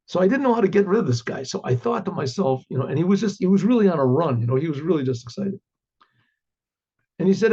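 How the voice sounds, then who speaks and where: Rabbi storyteller, male, fairly high, dark husky tone, loose rambling delivery, muffled lo-fi recording. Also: animated, a little fast, long pauses. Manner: rambling, many fillers and restarts, frequent throat clearing. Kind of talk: casual spoken storytelling.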